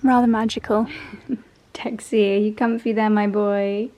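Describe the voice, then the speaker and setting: Her mid-range voice stays fairly level and a little mellow, moving at a measured pace, as this young lifestyle vlogger chats to camera. She gushes affectionately about her day around her country home and garden.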